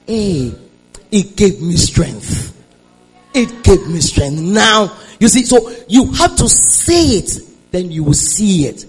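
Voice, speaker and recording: A Nigerian woman preaching a sermon, moving between hushed storytelling and shouted declarations and calling on the congregation to respond. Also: medium pitch, huge pitch swings, takes it slowly, faint music behind, rough recording. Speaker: preacher giving a testimony.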